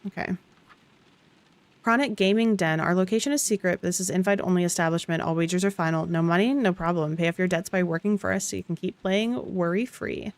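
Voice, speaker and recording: A woman's voice: fairly low pitch, fairly quick, no room sound. Woman streamer reading game text. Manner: reads in an even tone, with small asides and restarts. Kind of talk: reading game text aloud while playing.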